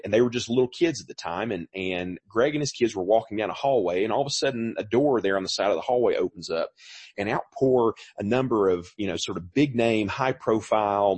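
A middle-aged man delivering a sermon with a low, husky voice. He talks in a loose, conversational way, stopping for fillers and restarting his phrases. The recording is dry, with almost no room sound. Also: no room sound. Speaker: pastor.

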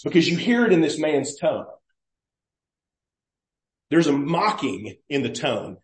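A male pastor preaching in a roomy church, his voice echoing around the hall. He talks in an easy, conversational way, with a lively pitch that keeps rising and falling as he puts questions to the listeners. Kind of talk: sermon. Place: church sanctuary.

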